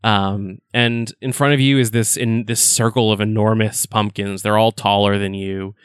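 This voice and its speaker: A man narrating a tabletop game as game master, describing scenes in a halting way with lots of fillers. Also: fairly low pitch, fairly even intonation, smooth, no room sound.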